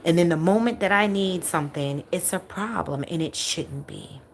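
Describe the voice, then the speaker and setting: A woman's voice: lowish voice, normal speed, slight background noise. A woman hosting a livestream, talking bluntly and with profanity, close to tears as she vents to viewers. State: close to crying. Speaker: livestream host. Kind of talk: emotional livestream chat with viewers.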